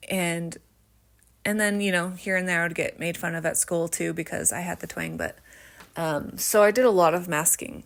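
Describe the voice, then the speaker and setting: A woman's voice: fairly low pitch, expressive, moderate pace. Chatty woman with a faint twang. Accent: slight rural American twang at times. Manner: chatty, rambling, many fillers and tangents; slight stutter. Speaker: vlogger. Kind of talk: casual storytelling while crafting.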